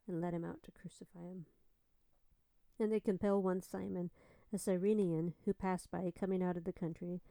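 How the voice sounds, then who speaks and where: Woman scripture reader, calm and unhurried, dark mellow tone, dry close sound. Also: on the low side, creaky, dry recording, poor audio. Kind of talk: scripture reading.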